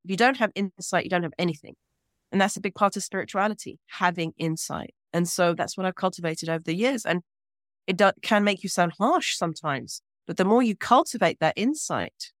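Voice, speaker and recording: A woman from Britain, a guest scholar speaking in a measured, earnest way with deliberate pauses in an interview. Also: on the low side, no echo, studio quality. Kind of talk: reflective interview talk.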